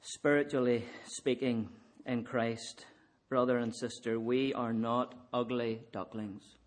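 Slow, earnest preacher. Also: male voice, medium pitch, flat delivery. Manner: measured, earnest preaching with repeated refrains. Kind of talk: sermon.

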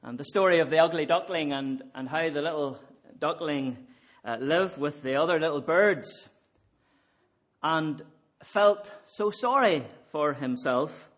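Slow, earnest preacher. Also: male voice, a little high, fairly bright tone. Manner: measured, earnest preaching with repeated refrains. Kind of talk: sermon.

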